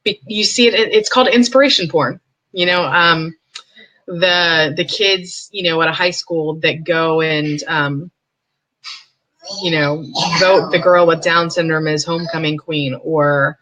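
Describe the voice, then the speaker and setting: A young woman speaking candidly and with firm opinions as a podcast host, mimicking other people in high, mocking voices. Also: steady tone, a little slow, fairly bright tone, poor audio. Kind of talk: casual commentary.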